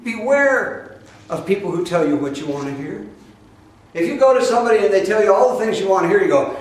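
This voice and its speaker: A spiritual teacher from Iowa, USA, speaks in a high-pitched man's voice with lively intonation and a fairly quick pace. His talk is emphatic and folksy, sprinkled with mocking asides. The recording sounds distant, captured in a very echoey room.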